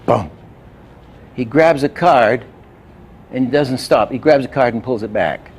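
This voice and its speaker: A man's voice: mid-range voice, a little slow, darkish tone. A man explaining animation timing and doing little sound effects as he demonstrates. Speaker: animation teacher. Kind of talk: instructional demonstration.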